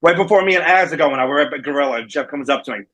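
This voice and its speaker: He's a wrestling manager from New Jersey, by his accent, telling stories as a guest on a remote call in an easygoing interview and voicing the characters he quotes. His voice runs high, very fast, bright and forceful, captured on a low-quality recording.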